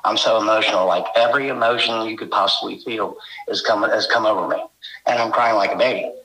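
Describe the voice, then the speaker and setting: A man with a bright, forceful voice recounts his experience with raw, rambling intensity, leaning on little filler phrases. His voice rings around a roomy, echoing space. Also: on the low side, fairly even intonation, fast talker. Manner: rambling, intense, full of "you know". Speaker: guest recounting encounters. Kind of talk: emotional first-person storytelling.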